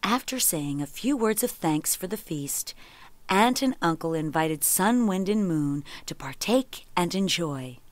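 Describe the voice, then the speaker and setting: A woman narrating a children's storybook in a gentle, expressive read-aloud manner. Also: on the low side, a little slow, no echo.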